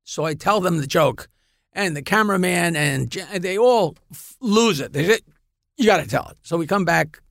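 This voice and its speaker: Gravelly high-voiced man telling stories. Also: moderate pace, dry recording, studio quality. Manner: animated, laughs through punchlines. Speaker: guest comedian. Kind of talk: casual storytelling.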